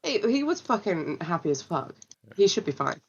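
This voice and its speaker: A woman's voice: fairly low pitch, sing-song, moderate pace, gravelly, husky, dull audio. A woman playing in a tabletop game, chatting playfully and laughing often. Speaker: player. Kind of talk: casual chat during a tabletop game.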